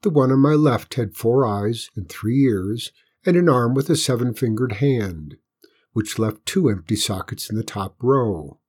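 A man reading a storybook aloud as its narrator, in a lively and expressive way. His voice is warm and mellow, with a slight huskiness to it. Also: medium pitch, a little slow, slightly rough.

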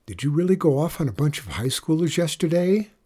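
A man's voice: on the high side, big pitch swings, brisk, warm tone, slightly rough, voice pushed up. A man voicing an easygoing, friendly middle-school boy. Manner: easygoing, eager.

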